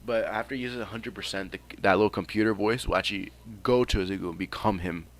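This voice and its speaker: A man's voice: fairly low pitch, fast. A young man telling an improvised fan story in a rambling, casual way, swearing freely and joking along. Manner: rambling, swears freely, laughs at own jokes.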